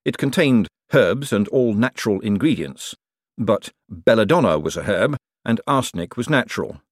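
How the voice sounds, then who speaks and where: A man narrating a comic fantasy novel as an audiobook, with expressive, wry storytelling. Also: lowish voice, normal speed, no echo. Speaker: audiobook reader.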